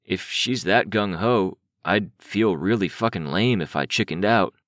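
A man voicing a gentle, self-deprecating teenage boy who talks casually in an audiobook. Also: low-pitched, unhurried, dry recording, clean studio sound.

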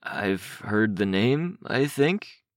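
A man voicing a gentle, self-deprecating teenage boy who talks casually in an audiobook. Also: fairly low pitch, lively intonation, extremely slow, dry recording, studio quality, pitched above the performer's own voice.

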